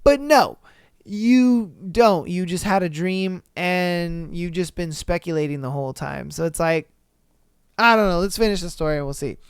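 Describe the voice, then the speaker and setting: Hosting a podcast, a man reads out a listener's story and then gives blunt, animated commentary, swearing casually. His voice is high with a clean tone, recorded in clean studio sound without echo.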